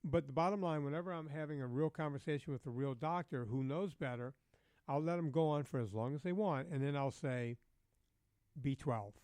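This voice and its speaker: A man guesting on a podcast, talking bluntly and profanely in a lively, storytelling way. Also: fairly high pitch, fairly quick, no echo. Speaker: guest, fitness trainer. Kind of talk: casual podcast chat.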